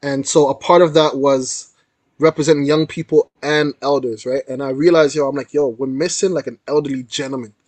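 Young man, animated storyteller, slangy, mid-pitched voice, dry close sound. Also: fairly quick, no echo. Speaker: guest artist. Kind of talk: casual storytelling interview.

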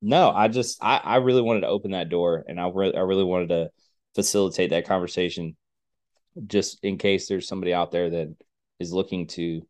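Deep-voiced man, halting casual talk. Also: steady tone, a little mellow. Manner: halting, repeats words, joking. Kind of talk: casual podcast chat.

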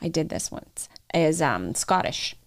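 A middle-aged woman co-hosts a podcast, chatting casually and telling stories with animation. Her voice is low-pitched, gravelly, very animated and unhurried.

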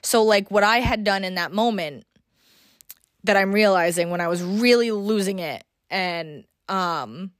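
A woman speaking alone on her podcast, open and confessional as she works through recent feelings, cursing freely. Her voice sits at an ordinary pitch and the recording is close and dry, with no room sound around her. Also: unhurried, dry recording. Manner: emotional, confessional, swearing casually. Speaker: podcast host. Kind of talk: personal monologue podcast.

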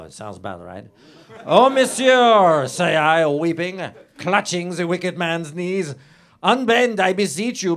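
A man voicing a lecherous, pompous French nobleman with a put-on French accent and broken English, reading aloud theatrically. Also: a bit bright. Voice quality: broken English, florid and lip-smacking. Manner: reads aloud theatrically, switching to a high pleading voice for the victim. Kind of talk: improvised comedy podcast character.

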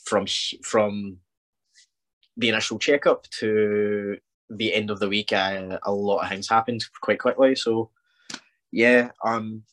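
A man's voice: on the low side, steady tone, slow, a bit bright. A man, a sniffly podcast guest getting over a cold, talking in an eager, upbeat way. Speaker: guest, wrestler and promoter. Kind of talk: casual chat.

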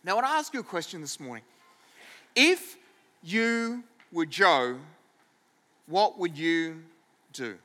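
A man's voice: sits high, big pitch swings, takes it slowly, pauses often, bright, forceful tone, big-room sound. A man preaching a sermon to a church, playful and conversational, acting out scenes for the congregation. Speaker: pastor.

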